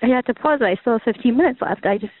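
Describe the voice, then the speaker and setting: A woman's voice: a little high, racing, slight background noise. A woman leaving a gushing, giggly voicemail for the hosts. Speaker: voicemail caller. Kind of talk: voicemail message. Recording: dry phone-line voicemail.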